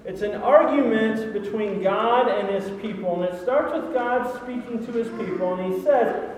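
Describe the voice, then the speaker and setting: A man's voice: sits high, normal speed, few pauses, slight background noise. A male pastor preaching a sermon in a church, conversational and dramatic. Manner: conversational, dramatic reading of scripture. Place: church sanctuary. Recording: echoey hall from far off.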